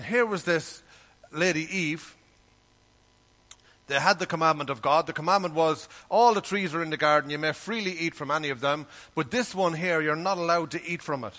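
A man with a slightly high, sharp-toned voice preaches a sermon in an earnest, conversational way. He reads scripture aloud in King James wording.

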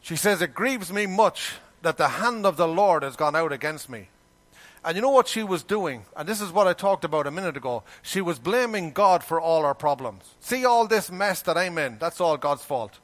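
Male preacher, fairly high pitch, folksy and animated sermon delivery. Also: normal speed. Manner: animated, rhetorical questions, colloquial grammar.

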